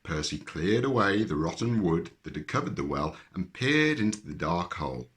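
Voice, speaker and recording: A man reading a children's story aloud with lively, expressive narration. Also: sits low, moderate pace, hardly any pauses.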